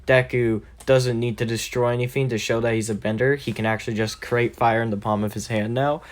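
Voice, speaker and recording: A man's voice: medium pitch, steady tone, a little fast. A man casually narrating a fan-made story, rambling with fillers and frequent self-corrections.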